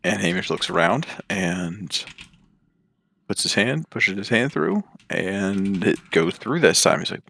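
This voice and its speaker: A man narrating as game master in a tabletop game, animated with fillers. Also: low voice, measured pace, creaky, slightly rough. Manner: animated, many fillers and restarts.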